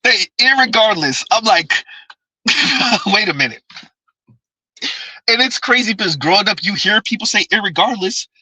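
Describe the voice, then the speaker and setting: A man's voice: high-pitched, expressive, moderate pace, long pauses, sharp tone, slightly rough, no room sound, rough recording. A man casually chatting on a livestream, reading viewers' comments aloud, rambling and repeating himself with frequent laughs. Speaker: livestream host.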